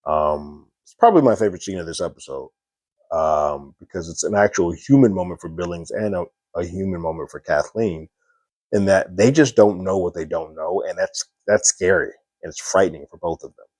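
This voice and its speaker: Brief: male TV reviewer with a low voice, relaxed recap full of fillers, dry close sound. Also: normal speed, no room sound. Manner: loose recap with frequent fillers, retelling scenes in quoted dialogue. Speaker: TV episode reviewer. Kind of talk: casual spoken review.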